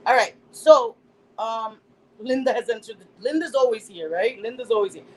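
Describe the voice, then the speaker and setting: A woman's voice: on the high side, lively intonation, normal speed, low-quality recording. A middle-aged woman from Puerto Rico hosting a casual live stream, blunt and profane, with Spanish words mixed in. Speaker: livestream host.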